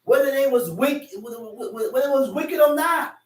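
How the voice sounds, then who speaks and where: A man's voice: extremely high pitch, moderate pace. A male preacher giving an emphatic, repetitive sermon, reading scripture and restating it in slang. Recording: echoey room, far from the mic.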